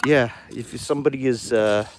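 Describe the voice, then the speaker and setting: A man with a New York accent hosting a live outdoor metal detecting vlog, talking excitably and rambling from thought to thought. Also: medium pitch, normal speed, slight background noise. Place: outdoors on a beach.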